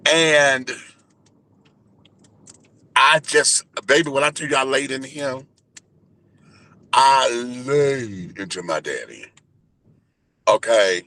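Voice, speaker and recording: A man in his forties telling a personal story in an animated, flamboyant, profane way during a casual interview. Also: mid-range voice, slow pace, pauses often. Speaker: guest, entertainer and radio host.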